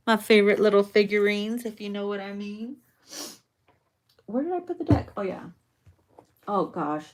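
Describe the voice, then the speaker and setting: Casting note: woman tarot reader, playful and bawdy, quick slangy asides, mid-pitched voice. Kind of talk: casual tarot reading monologue.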